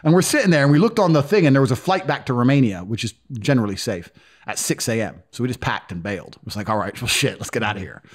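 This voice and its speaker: A man's voice: mid-range voice, expressive, quick pace. A man telling a story in conversation, blunt, boastful and profane.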